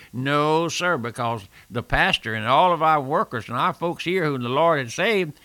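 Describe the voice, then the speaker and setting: A man's voice: medium pitch, sharp tone, no echo. An older man preaching a fervent radio sermon, repeating phrases and calling the listener "my friend".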